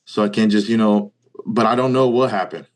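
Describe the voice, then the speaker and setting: A young Brazilian man in his twenties, a native Portuguese speaker with a Brazilian accent, speaks in a lowish voice at a brisk pace. He's an interview guest casually telling a story, animatedly acting out the quoted dialogue and saying "like" a lot.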